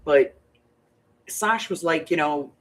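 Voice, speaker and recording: A woman's voice: sits low, slow. A woman hosting a casual craft livestream from her home crafting room, chatty and jokey, rambling a little and laughing often as she gives out prompts.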